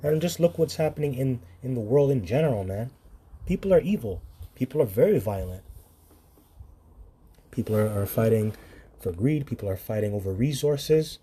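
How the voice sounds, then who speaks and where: A husky-voiced man gives a casual sermon, reading verses and breaking off with short laughs. His tone is dark and mellow, and he keeps turning to the listener with "man" and "right?". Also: mid-range voice, lively intonation, normal speed, long pauses. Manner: informal, laughs often, keeps saying "man". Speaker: scripture teacher. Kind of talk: sermon-style Bible reading and commentary.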